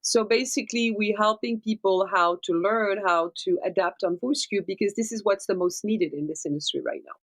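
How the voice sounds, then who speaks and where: A woman, a dubbing producer, gives animated interview answers and keeps checking in with tag questions. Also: medium pitch, normal speed, few pauses. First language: French. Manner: animated explainer, tag questions like right and okay.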